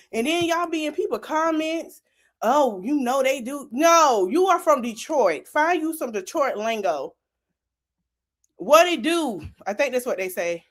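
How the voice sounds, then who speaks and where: A lively podcast host from South Florida delivers casual commentary in a high voice. She's animated, laughing often, slangy and teasing.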